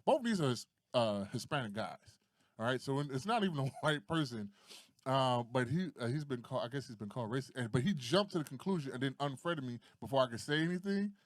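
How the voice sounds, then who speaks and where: A man's voice: medium pitch, quick pace, no echo, clean studio sound. A man co-hosting a podcast, in casual chat, telling stories with lots of swearing and acting out the voices of the people he quotes. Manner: animated, profane storytelling that acts out quoted voices. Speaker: podcast co-host.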